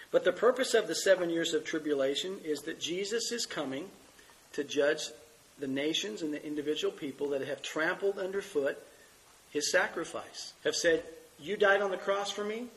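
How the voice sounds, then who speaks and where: A man's voice: fairly high pitch, poor audio. A middle-aged male pastor teaching a sermon with earnest scripture reading while fighting a cold and coughing. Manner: earnest, reads scripture aloud.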